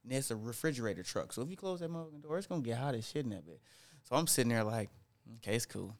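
A man's voice: medium pitch, rapid-fire. A man casually telling a story in slangy talk, acting out what people said. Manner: animated, slangy, acts out quotes. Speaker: storyteller in group chat.

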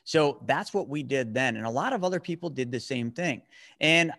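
A man's voice: medium pitch, expressive, normal speed, pushed and bright. A man talking as a guest in a podcast interview, fired-up, blunt and emphatic. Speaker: guest, money mentor.

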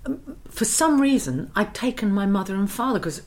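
Speaking at a normal pace with a medium-pitched voice, a London actress tells lively stories during an informal interview, dramatizing the words she quotes.

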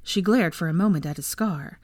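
A woman narrates a story at an even, steady pace. Her voice sits low and is recorded close, with no room sound at all. It is a home audiobook reading. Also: brisk, no echo. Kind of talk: fan fiction audiobook reading.

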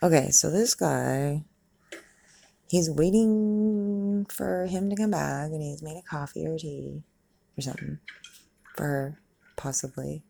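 A woman's voice: deep voice, takes it slowly, creaky, long pauses, dark tone. A woman giving a casual, chatty commentary as she watches a movie, swearing freely and laughing and exclaiming at the screen. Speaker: movie reaction vlogger.

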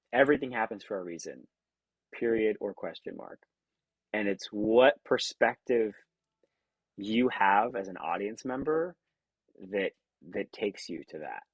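A man with a low, somewhat husky voice speaks as a podcast guest, earnest and reflective. Every so often he acts out remembered thoughts with sudden leaps in pitch. The sound is dry and close, with no room around it. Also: dry recording, poor audio. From California. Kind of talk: conversational interview.

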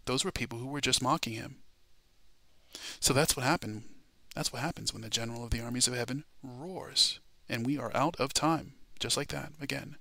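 Gravelly, forceful man preaching. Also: mid-range voice, normal speed, no echo. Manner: emphatic, building to loud proclamations, frequent "all right?" and "okay?" check-ins. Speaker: Bible study teacher. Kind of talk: sermon-style Bible teaching.

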